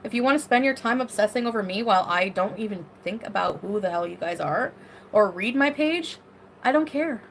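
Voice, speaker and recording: A woman's voice: medium pitch, lively intonation, a little fast, slight background noise. A woman ranting in a casual vlog clip, defiant and mocking, with a lot of swearing.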